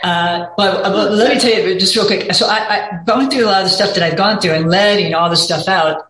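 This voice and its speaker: A woman's voice: mid-range voice, a little fast, a bit bright. Candid rambling middle-aged woman, echoey room. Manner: rambling, candid, peppered with 'you know'. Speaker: guest. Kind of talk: casual interview chat.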